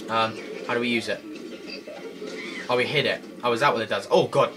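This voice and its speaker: A man talks his way through a video game in a middle-pitched voice, chatty and easily excited, with shouts and laughs breaking in. Loud game music runs behind him the whole time. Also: a little fast. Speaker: gameplay commentator. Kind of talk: let's play commentary.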